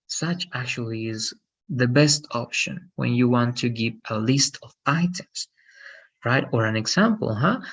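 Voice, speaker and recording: Patient slow-talking male English teacher. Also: medium pitch, fairly bright tone, slightly rough. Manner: patient, repeats "right?" often. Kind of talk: online English lesson.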